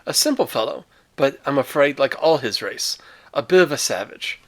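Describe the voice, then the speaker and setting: A man's voice: mid-range voice, animated, normal speed. A man doing a courtly, menacing old general. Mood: smooth. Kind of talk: read-aloud character voice.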